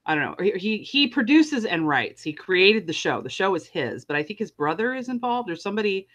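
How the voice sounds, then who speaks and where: A woman's voice: medium pitch, big pitch swings, fairly quick, a bit bright. A woman co-hosting a podcast in casual chat, talking in an emphatic, enthusiastic way. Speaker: podcast co-host.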